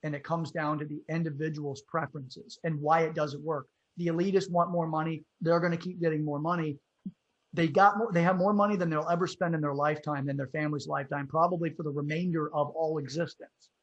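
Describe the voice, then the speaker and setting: A man's voice: on the high side, fairly even intonation, fairly quick, dull audio. Blunt, opinionated male podcast host. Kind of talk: casual political chat.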